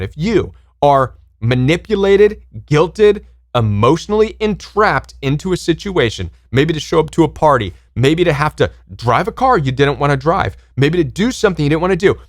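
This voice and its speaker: A man's voice: a little high, no echo, clean studio sound. A man hosting a self-help channel, speaking in an impassioned, emphatic monologue and acting out pushy voices when he quotes people.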